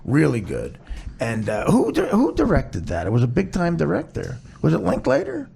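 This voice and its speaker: Man, talk host, gravelly, lively pitch, brash and teasing. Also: normal speed, slight background noise. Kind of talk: casual chat.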